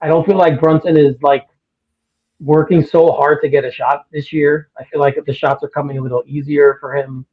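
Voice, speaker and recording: A man's voice: on the high side, moderate pace. Opinionated man on a tinny line. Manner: opinionated, gets worked up and animated. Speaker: podcast co-host. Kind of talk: casual sports talk. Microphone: remote call over a livestream.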